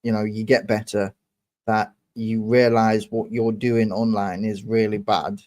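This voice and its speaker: A man's voice: fairly low pitch, little pitch movement, unhurried, a little mellow. A young man hosting a livestream, ranting angrily and swearing while confronting a commenter. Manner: angry, profane, confrontational. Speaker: livestream host. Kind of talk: heated livestream rant.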